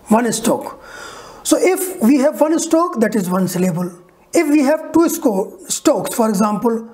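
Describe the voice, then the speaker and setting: Slow, lively English teacher. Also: medium pitch. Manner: repeats each example word slowly, checks with "Clear?". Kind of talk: recorded English lesson.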